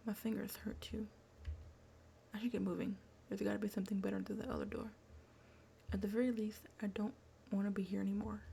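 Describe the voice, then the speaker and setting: A woman's voice: medium pitch, vocal fry, warm tone, slight background noise. A woman streamer reading a text horror game aloud, dropping into whispered asides between the story.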